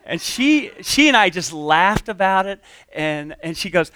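Male pastor, slightly high voice, casual storytelling sermon, dry close sound. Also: expressive, moderate pace, few pauses, pushed and bright, clear, resonant tone, dry recording. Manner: conversational, storytelling with restarts and voiced quotes. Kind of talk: sermon with object lesson and personal story.

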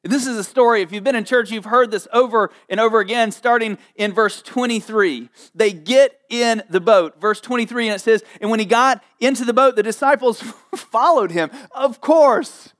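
A man with a high voice preaches a sermon with plenty of energy. He jokes with his listeners and acts out the people in the story in a playful, animated way. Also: normal speed. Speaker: pastor.

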